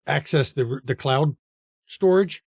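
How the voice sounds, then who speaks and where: A man running a tabletop role-playing game, narrating scenes with a halting delivery. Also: mid-range voice, vocal fry, a little mellow, husky, no room sound, studio quality.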